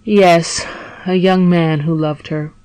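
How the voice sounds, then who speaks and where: Earnest young prisoner, woman reading: eager, lowish, dry close sound. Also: fairly even intonation, slow pace, a little mellow, smooth, dry recording, rough recording. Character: young male sailor, wronged and earnest prisoner.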